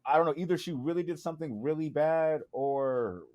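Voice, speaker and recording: A man's voice: a little high, brisk, dark tone, dull audio. A man co-hosting a podcast, chatting casually with slang, rambling and laughing often. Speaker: podcast co-host.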